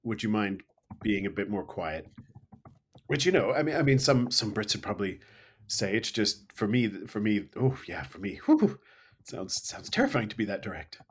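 A man co-hosting a podcast, talking in casual chat, animated and hesitant, often restarting his sentences. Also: lowish voice, normal speed, husky. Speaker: podcast co-host. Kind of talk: casual conversation.

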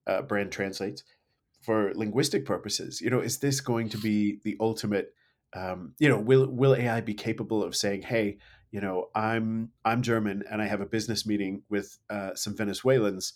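A man co-hosting a podcast, talking in casual chat, animated and hesitant, often restarting his sentences. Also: fairly low pitch, moderate pace. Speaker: podcast co-host. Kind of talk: casual conversation.

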